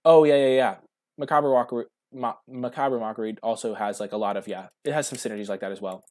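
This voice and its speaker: A man's voice: medium pitch, fast talker, darkish tone. A man giving casual commentary while drafting cards, thinking aloud and answering his chat. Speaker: streamer.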